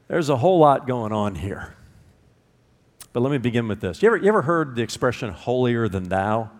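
A man's voice: medium pitch, sing-song. Emphatic preacher man in a reverberant hall. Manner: emphatic, repeats words for stress, with pauses. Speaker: pastor. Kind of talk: sermon.

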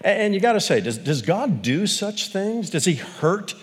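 Animated preacher man in a reverberant hall. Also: normal speed. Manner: animated, with sudden loud highs and quiet asides; folksy and joking. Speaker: pastor. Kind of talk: sermon.

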